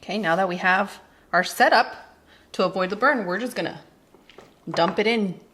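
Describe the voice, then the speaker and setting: A woman's voice: medium pitch, normal speed, a bit bright. A woman in her thirties hosting a casual home cooking video in her kitchen, chatty and playful, dropping in Spanish words as she talks. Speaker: cooking channel host.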